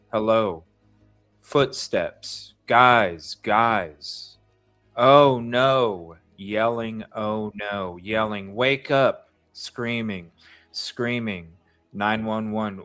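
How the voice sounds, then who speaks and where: A man with a lowish, fairly bright voice hosts a live stream, reading a call transcript aloud. He chats with viewers about their comments and votes, reading out chat messages and asking them to vote.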